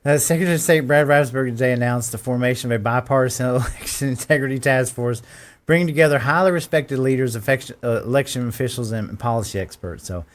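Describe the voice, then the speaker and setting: A man's voice: mid-range voice, fast. Sarcastic man mocking the news. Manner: sarcastic, laughs while reading quotes aloud. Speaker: political commentary host. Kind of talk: casual political commentary.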